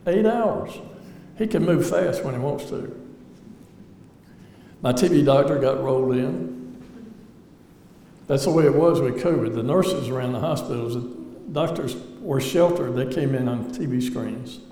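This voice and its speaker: A lay speaker addresses an audience in a large hall with a heartfelt personal testimony, reflective and wry. His warm, mid-range voice moves at a measured pace with frequent pauses. A little hiss or hum sits under the echoey recording and its faint ambience.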